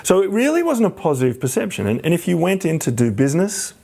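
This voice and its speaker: A man hosting a podcast, telling stories in a casual, animated way and acting out the people he quotes. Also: high voice, quick pace, vocal fry. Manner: animated, acts out quoted voices. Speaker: podcast host. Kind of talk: casual storytelling chat.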